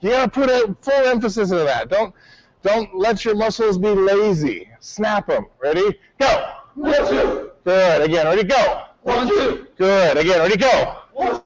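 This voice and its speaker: A man teaching a martial arts class, calling out drills with sharp commands and counts. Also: high voice, no echo, muffled recording. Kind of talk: class instruction.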